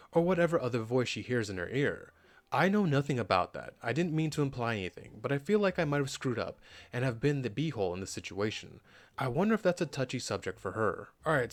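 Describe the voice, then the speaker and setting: An American man hosts his own reaction channel and reads an online post aloud. He then slides into loose, chatty commentary that rambles and often restarts mid-sentence. His voice sits at an ordinary middle pitch for a man.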